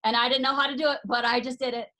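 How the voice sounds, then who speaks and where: Earnest higher-voiced woman telling her story. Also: flat delivery, rapid-fire, sharp tone. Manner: earnest, emphatic storytelling with frequent restarts. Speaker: author and life coach, podcast guest. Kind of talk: personal story in a podcast interview.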